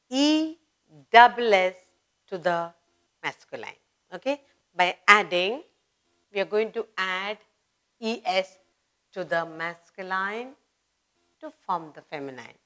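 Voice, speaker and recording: A woman with an Indian English accent teaching an English grammar lesson to children, repeating words slowly with emphasis. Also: mid-range voice, fairly bright tone.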